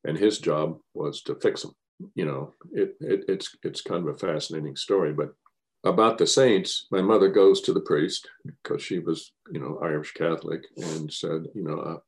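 A man's voice: sits low, normal speed, vocal fry. An older man, a guest, telling a rambling, wry story in casual chat.

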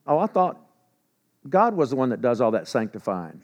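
A man preaching a sermon in an animated way, with sarcastic humor and quiet asides when telling stories. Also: medium pitch, normal speed. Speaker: pastor.

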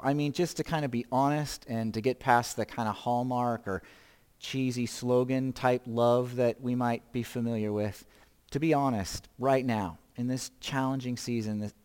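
A man in his fifties gives a sermon in a relaxed, conversational way, asking questions and making small jokes about himself. His voice sits at an ordinary middle pitch. The sound has a long reverb tail, as in a large hall. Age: 50s. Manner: conversational, self-deprecating humor, rhetorical questions. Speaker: pastor.

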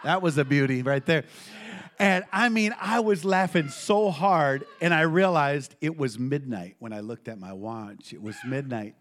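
A man preaching a sermon, telling a story with animated energy and laughter. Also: on the high side, a little slow.

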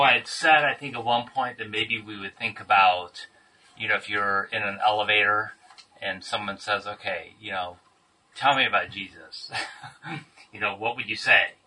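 A man's voice: on the low side, bright, forceful tone, breathy edge. A man leading a casual group Bible study, thinking aloud and stressing key words. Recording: distant mic with faint room noise.

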